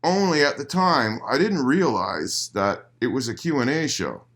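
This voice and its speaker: A man's voice: mid-range voice, normal speed. A man guest in a casual interview, telling a long story with lots of swearing, restarts and laughter, recorded in a living room. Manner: profane, animated storyteller with many restarts. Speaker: musician guest.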